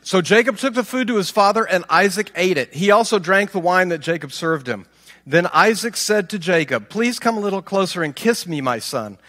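A man's voice: a little high, pushed and bright, in a large hall. A man reading scripture aloud and stopping to comment with rhetorical questions. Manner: reads aloud, then asks rhetorical questions. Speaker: Bible teacher.

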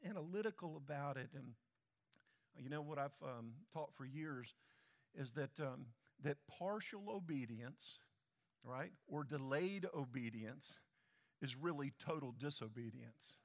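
A man's voice: mid-range voice, expressive, measured pace, big-room sound. A man preaching a sermon in a church, speaking emphatically and putting questions straight to the congregation. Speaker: pastor. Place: church sanctuary.

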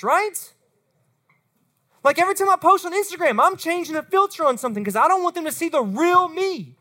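A woman's voice: very high-pitched, a little fast. A woman, preaching as a youth pastor to middle school students and speaking straight to them. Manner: animated, talks straight to the students.

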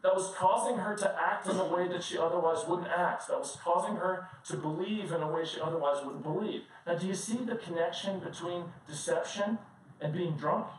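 A male pastor with a fairly high voice preaches in a large, strongly echoing church hall, heard from some way off the mic. He talks in a loose, animated, story-driven way, often chuckling through his own anecdotes. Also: a little fast. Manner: conversational, animated, often laughing while telling stories. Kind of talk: sermon with personal storytelling. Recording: very echoey room, distant mic, faint noise.

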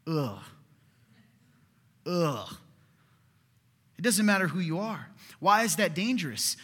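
A man in his thirties preaches to his congregation, chatty and direct, often checking in with the room. His voice sits a little high and sounds bright and edged. A long reverb trails each phrase through the hall. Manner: conversational, keeps asking "right?". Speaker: pastor. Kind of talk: sermon. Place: church hall. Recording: echoey hall.

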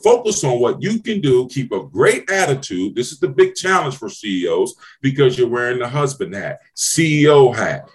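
Fired-up preachy man, wildly swinging pitch. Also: big pitch swings, moderate pace, few pauses. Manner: emphatic, preachy, swears freely, swings to high exclaiming questions. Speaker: podcast host and business mentor. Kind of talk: motivational podcast talk.

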